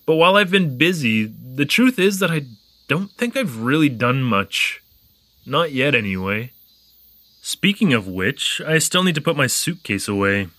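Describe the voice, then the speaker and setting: In an audio drama, a man voices a curious, chatty young Canadian newcomer who keeps a spoken diary. His mid-range voice moves a little slowly and sounds musing. The narration is animated and joking, drifting into wandering asides.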